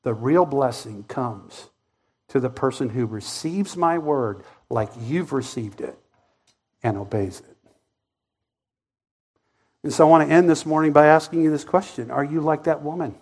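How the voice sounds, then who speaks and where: A pastor delivers a Sunday sermon in a fairly high male voice. He tells the story with drama, acting out the voices, swelling loud and then dropping to near quiet. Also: a little slow, long pauses, slightly rough. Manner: dramatic storytelling, acting out quoted voices, wide swings in loudness.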